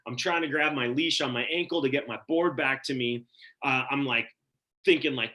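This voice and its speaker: A man from Wyoming telling a personal story at a story slam, casual and animated with many "like" fillers. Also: medium pitch, normal speed.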